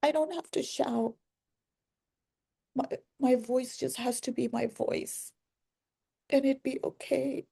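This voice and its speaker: A woman speaking slowly in a personal reflective vlog, with a heavily gravelly, husky texture. Her tone is mellow and warm. She talks earnestly and softly, pausing and starting over as she looks for her words. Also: high voice, steady tone. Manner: halting, pausing and restarting, soft-spoken and earnest. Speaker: vlogger.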